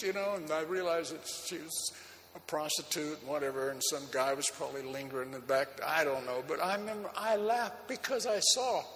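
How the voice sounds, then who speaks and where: A man preaching from the pulpit with a high, bright, forceful voice that rings through a large hall. He tells his story loosely and animatedly, with a faint room hum behind him. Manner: animated storytelling with frequent laughter and fillers. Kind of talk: sermon with personal testimony. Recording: long hall reverb, faint background ambience.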